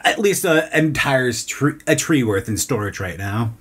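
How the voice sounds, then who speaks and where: A young man from Texas, a voice actor guest, chatting casually on a podcast and talking in halting bursts full of fillers and restarts. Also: medium pitch, expressive, a bit bright, breathy edge. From Dallas, Texas.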